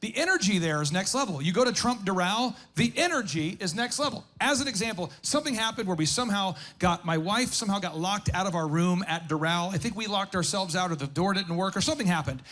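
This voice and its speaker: A man hosting a live business workshop, telling stories in an animated way. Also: high voice, fast talker, few pauses. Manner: animated storyteller. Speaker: host.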